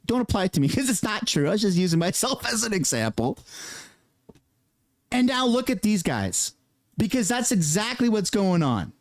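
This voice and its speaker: A man hosting a casual political commentary rant, swearing and mocking other people with quick impressions. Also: high-pitched, very animated, dry recording.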